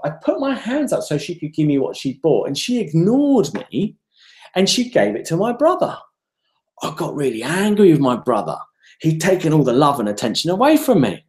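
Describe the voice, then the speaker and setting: A man's voice: high-pitched, reverberant. A man giving a live online self-development talk, telling personal stories and asking rhetorical questions. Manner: animated, storytelling with rhetorical questions.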